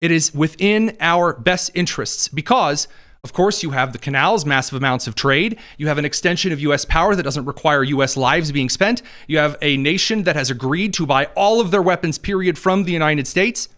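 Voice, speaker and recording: A man hosting a political commentary show, talking in an animated, opinionated monologue. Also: a little high, brisk. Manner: animated, does mocking voices for quotes.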